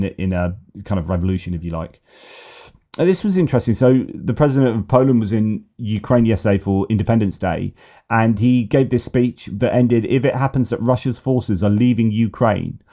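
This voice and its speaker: Guy doing news commentary, lowish mellow voice, wry and chatty, thinks out loud. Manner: wry, opinionated, thinking aloud. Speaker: news commentator and channel host. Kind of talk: casual news commentary vlog.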